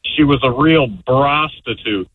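A man calling into a radio show, delivering a joke deadpan and slowly. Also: medium pitch. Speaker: caller. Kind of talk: phone-in joke. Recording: tinny phone line.

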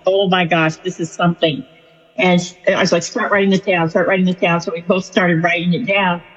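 A woman's voice: medium pitch, breathy edge. A woman author and spiritual counselor telling a story in an interview, chatty and full of fillers. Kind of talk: conversational interview answer. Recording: lo-fi with long reverb.

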